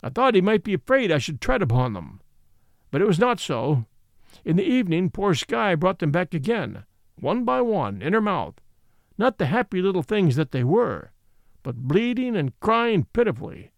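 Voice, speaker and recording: A man reading the part of a fiery yet gentle old male horse in a storybook, speaking indignantly and moralizing. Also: high voice, sing-song, moderate pace, creaky, no echo, studio quality, full character voice.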